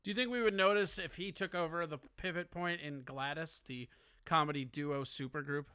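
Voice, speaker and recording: A man's voice: fairly high pitch, fairly even intonation, normal speed, pushed and bright, clear, resonant tone, no echo. A man hosting a casual call-in show, teasing and joking with his guest. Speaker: host.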